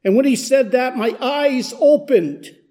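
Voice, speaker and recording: Taking an unhurried pace, a man performs a dramatic first-person monologue in the role of a blind beggar, his voice very high yet dark in tone. He speaks earnestly, and the intensity builds as the humble character becomes desperate.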